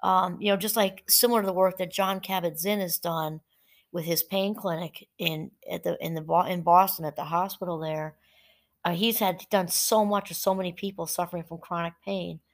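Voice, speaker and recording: A woman's voice: on the low side, steady tone, moderate pace. Conversational woman hosting a mindfulness talk. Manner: conversational, with restarts and asides, reading quoted passages aloud. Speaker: podcast host. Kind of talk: casual solo talk on mindfulness. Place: home.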